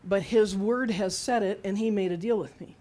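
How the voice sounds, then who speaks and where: A woman's voice: mid-range voice, normal speed, a little mellow. A middle-aged woman preaching a sermon in a conversational, humorous storytelling way, acting out quotes as she goes.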